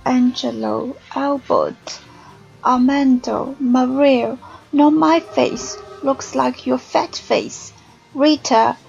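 A woman reading a story aloud, slow and unhurried, voicing the dialogue with some liveliness. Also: high-pitched, gravelly, darkish tone, breathy edge, highs cut off. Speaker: audiobook reader. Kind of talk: scripted narration.

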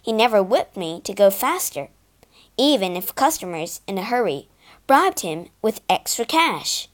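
A woman reading a storybook aloud in a slow, clear way, giving the characters voices. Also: mid-range voice, very animated. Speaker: storybook reader. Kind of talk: storybook narration for learners.

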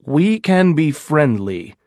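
A man's voice: a little high, big pitch swings, slow, a little mellow, dry recording. An anxious colonial leader from a storybook, put on by a man narrator. He sounds worried and pleading, with a slightly raised voice. The sound is close and dry.

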